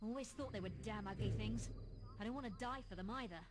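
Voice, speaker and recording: A woman's voice: a little high, quick pace, background noise, close to an everyday voice. An actress playing a blunt, confident female fighter. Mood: brash. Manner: blunt, brash. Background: game music.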